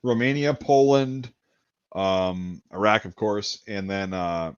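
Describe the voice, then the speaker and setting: A man's voice: lowish voice, takes it slowly, clean tone, highs cut off. A man telling a rambling, profane story in casual chat, acting out the lines of the people in it. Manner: profane, rambling anecdotes with acted-out quotes.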